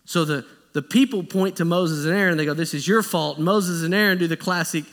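A man preaching a sermon as pastor, in a conversational, animated style that acts out quotes. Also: fairly high pitch, a little fast. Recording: echoey church hall.

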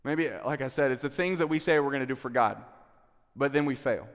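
A man preaching a sermon as pastor, telling the story with animated delivery and acting out the quotes. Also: medium pitch, fairly quick, big-room sound.

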